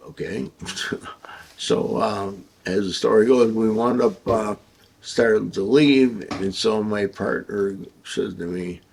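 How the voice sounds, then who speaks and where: A man casually telling a rambling, crude anecdote with halting starts. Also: on the low side, creaky, a little mellow, a little hiss or hum. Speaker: storyteller.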